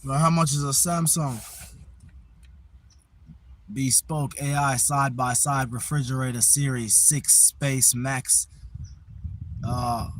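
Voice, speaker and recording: A man's voice: mid-range voice, slight background noise. A man livestreaming outdoors from a phone on a tripod, chatting casually and playfully trash-talking his viewers. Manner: boastful, playful trash-talk at the chat. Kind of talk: casual live-stream chat.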